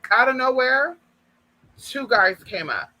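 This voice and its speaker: A man telling a personal story to viewers in an animated, profane way, often calling them girl and y'all. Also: very high-pitched, takes it slowly, background noise. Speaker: vlogger. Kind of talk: casual storytime monologue.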